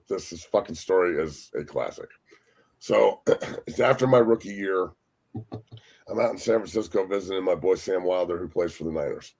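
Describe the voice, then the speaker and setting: A man, a former pro football lineman, telling loud, profane stories as a guest on a sports talk show. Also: sits low, slightly rough. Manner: loud, profane, laughing storyteller. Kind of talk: casual storytelling.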